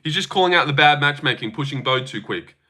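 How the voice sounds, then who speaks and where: A man hosting a casual livestream, chatting with viewers and reacting in an animated, sweary, teasing way. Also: fairly high pitch, quick pace. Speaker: livestream host.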